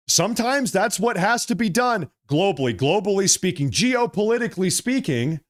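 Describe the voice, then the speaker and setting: Male voice, a bit high, livestream host, casual political commentary, emphatic, repeats himself. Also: sing-song, moderate pace, few pauses. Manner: emphatic, repeats phrases, thanks viewers by name.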